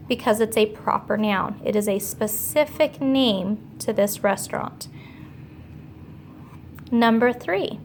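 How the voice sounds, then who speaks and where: A woman teacher giving a remote grammar lesson to young children, slow, clear and patient as she explains each step. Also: fairly high pitch, slight background noise.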